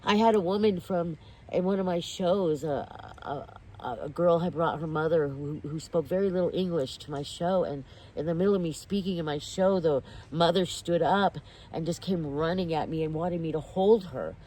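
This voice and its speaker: A woman telling a personal story in casual podcast chat, animated and intense, restarting her sentences and near tears. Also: sits low, slight background noise. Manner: animated, intense, self-interrupting, quick to tears. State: tearful. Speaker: guest.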